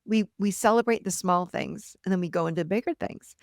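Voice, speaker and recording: A middle-aged woman hosting a podcast alone, talking casually and encouragingly, and she breaks into lively quoted voices. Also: on the low side, fairly quick, no room sound, clean studio sound. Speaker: podcast host and therapist. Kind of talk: casual solo podcast talk.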